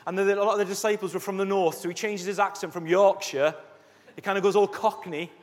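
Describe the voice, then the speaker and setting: A man preaching a sermon as a pastor, telling Bible stories in a lively way and acting out the scenes. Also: high-pitched, quick pace. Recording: echoey hall reverb.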